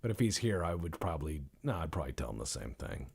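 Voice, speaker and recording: A man's voice: low voice, very animated, fast, gravelly, breathy edge. A man hosting a let's-play video, chatting casually in a rambling, profane, self-deprecating way. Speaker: gaming channel host.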